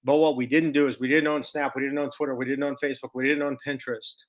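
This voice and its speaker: A man's voice: medium pitch, level tone, fast talker. A middle-aged man with a Texas accent giving chatty, folksy stock market commentary over a screen share, with salesy asides and restarts. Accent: Texan.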